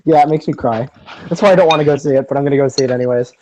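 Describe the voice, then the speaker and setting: A young man in casual chat, opinionated and quick to rant, laughing as he goes. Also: medium pitch, warm tone, slight background noise.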